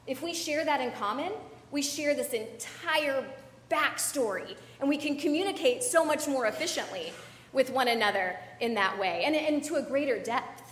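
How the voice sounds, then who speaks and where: A woman's voice: sits high, lively intonation, normal speed, fairly bright tone, slight background noise. A young adult woman pastor giving a conversational sermon, chatty, with fillers and asides to the congregation. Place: church sanctuary. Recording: echoey church hall.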